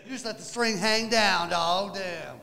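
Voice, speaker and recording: A man's voice: sits high, a little slow, creaky, sharp tone. A man in his forties doing a stand-up set, teasing the crowd and telling stories. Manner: teasing, storytelling. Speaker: stand-up comedian. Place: small comedy club. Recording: club mic with long reverb.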